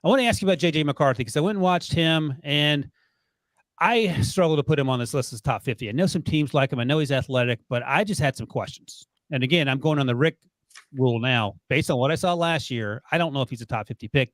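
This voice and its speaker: A man hosting a sports podcast, leading the chat with quick, teasing back-and-forth. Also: mid-range voice, dry recording. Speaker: podcast host.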